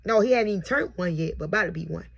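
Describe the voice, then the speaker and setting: In a lo-fi clip she shot herself on camera, a young mother speaks rapid-fire in a lowish, gravelly voice. She tells an emotional birth testimony that is heartfelt and repeats itself.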